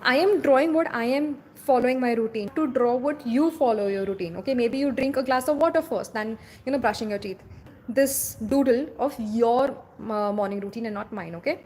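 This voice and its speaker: Brief: Indian English woman, doodle teacher, fairly high voice, instructive and chatty, faint ambient noise behind. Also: fairly quick, darkish tone. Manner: instructive, checks in often with the viewer. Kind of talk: casual step-by-step drawing tutorial.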